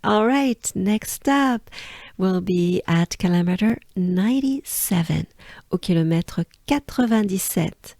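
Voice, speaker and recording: A woman's voice: medium pitch, animated, slow, vocal fry, darkish tone, no echo, studio quality. A woman from France with a French accent, teaching pronunciation patiently and drilling each syllable aloud. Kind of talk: slow pronunciation lesson.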